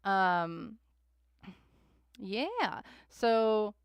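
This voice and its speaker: A woman's voice: medium pitch, sing-song, extremely slow, clear, resonant tone, no room sound, dull audio. A young adult woman hosting a live tarot stream, chatting with viewers in a rambling way and often laughing and sighing between thoughts.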